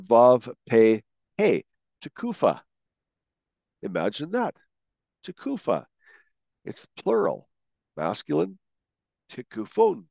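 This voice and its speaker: Male teacher for a scripture lesson voice-over: unhurried, emphatic, dry close mic. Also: medium pitch, darkish tone, dry recording. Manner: slow, questioning, emphatic on key words. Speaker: Bible study teacher.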